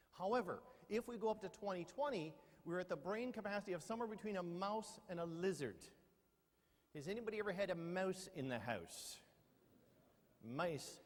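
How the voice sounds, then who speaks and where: Middle-aged male keynote speaker, high-pitched, playful and teasing, with long hall reverb. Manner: joking, quizzes the audience. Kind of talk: humorous keynote talk. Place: large lecture hall.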